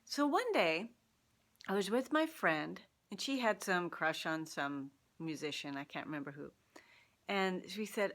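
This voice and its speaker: A woman with a bright, clear voice talks straight to her viewers. She tells a story in a casual, lively way and laughs often. Her tone is friendly and open, like a personal vlog. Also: fairly low pitch, a little slow. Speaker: vlogger sharing personal insights. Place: Seattle.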